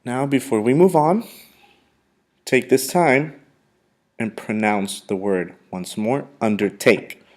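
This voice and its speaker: A male English teacher giving a vocabulary lesson, who repeats words and pronounces them slowly and with emphasis. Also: medium pitch, very animated, a little mellow.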